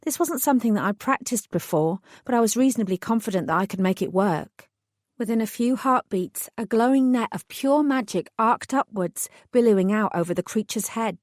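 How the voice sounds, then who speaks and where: A woman's voice: on the high side, lively intonation, fairly quick, darkish tone, dry recording. A woman narrating a first-person fantasy audiobook in a dry, composed way.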